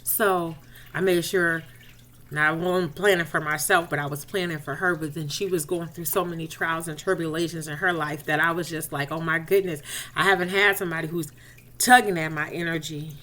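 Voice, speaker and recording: A woman's voice: low-pitched, fairly even intonation, brisk, pushed and bright. A woman speaking directly to listeners as she tells a personal faith testimony, casually and conversationally, and often replays the dialogue as she retells it. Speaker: inspirational speaker.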